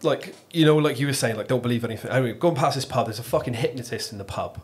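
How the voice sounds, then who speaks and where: A man's voice: medium pitch, very fast. An English man hosting a podcast, telling an anecdote in casual chat with lots of swearing. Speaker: podcast host.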